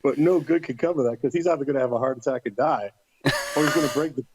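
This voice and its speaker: A fast-talking middle-aged man with a medium-pitched voice tells a casual story as a podcast guest, with a noisy background behind him. He's animated, voicing other people's quoted lines in a livelier way.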